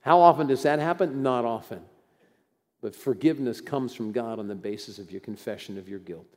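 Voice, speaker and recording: A man's voice: mid-range voice, a little fast. An older man preaching a sermon in a conversational, folksy way with bursts of emphasis. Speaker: pastor. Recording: long hall reverb.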